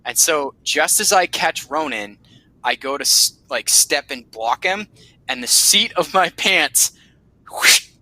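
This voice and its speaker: A man hosting a podcast, telling a story in a casual, animated way, swearing freely and laughing often. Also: a little high, measured pace, dry recording, low-quality recording. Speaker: podcast host.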